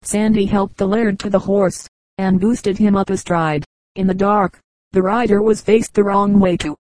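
A woman narrates short comic anecdotes in an even, measured storytelling way. Her voice is mellow and warm. The recording is dry and close, with no room sound around her. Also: mid-range voice, dry recording, low-quality recording. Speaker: audiobook reader. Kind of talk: scripted narration of humorous anecdotes.

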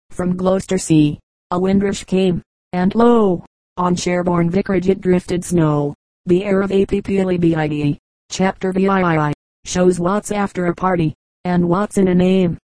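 Woman reading in a flat, mellow voice. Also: on the low side, no echo, poor audio. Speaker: audiobook reader. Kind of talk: reading an old humorous magazine piece aloud.

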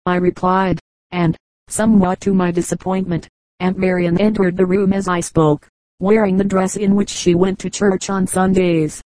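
Woman reading a book aloud, mellow and flat, low pitched, steady. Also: normal speed, no echo, rough recording. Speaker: audiobook narrator. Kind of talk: scripted narration.

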